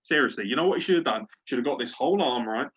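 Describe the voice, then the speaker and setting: A man's voice: medium pitch, lively intonation, very fast, a bit bright, breathy edge. Ranting, swearing man. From Britain. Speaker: podcast host. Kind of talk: casual sports chat. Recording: dull lo-fi podcast audio.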